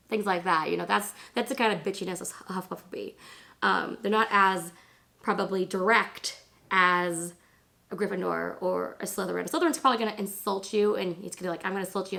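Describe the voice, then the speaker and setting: A woman in her thirties, hoarse from laryngitis, chatting casually and rambling through a makeup tutorial. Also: medium pitch, fairly bright tone. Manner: chatty, rambling, lots of fillers. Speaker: beauty vlogger.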